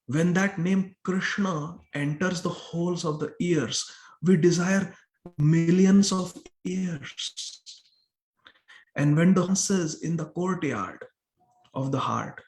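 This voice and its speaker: A man's voice: fairly high pitch, takes it slowly. A man giving a scripture class sermon in a temple hall, explaining a verse word by word and repeating phrases for emphasis. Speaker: temple lecturer. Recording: roomy echo of a hall.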